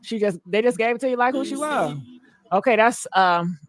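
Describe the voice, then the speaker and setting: A woman hosting a casual commentary vlog, chatty and slangy as she addresses her viewers directly. Her voice sits a little high and is recorded dry and close, with no room sound. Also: lively intonation, fairly quick, no room sound.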